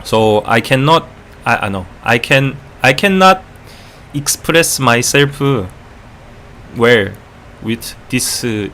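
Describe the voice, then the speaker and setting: A man putting on a man with a strong Korean accent speaking broken English, halting and full of "uh"s during a casual live stream. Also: mid-range voice, animated, pushed and bright, slight background noise. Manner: halting, simple words, lots of uh.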